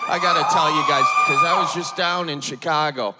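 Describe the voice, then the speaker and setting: A man's voice: a little high, a little fast, over a noisy crowd. A stand-up comedian in his thirties with an Upper Midwest accent, telling stories in a folksy, playful way before a live audience on stage. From Wisconsin. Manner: folksy, animated, playful storytelling. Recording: loud live audience noise.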